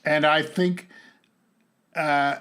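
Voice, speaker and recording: A man chats as a podcast host, his voice sitting a little higher than most men's. He muses his way through points and stops often to restart his sentences. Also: steady tone, fairly bright tone, clear, resonant tone. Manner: musing, halting, many fillers. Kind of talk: casual political chat.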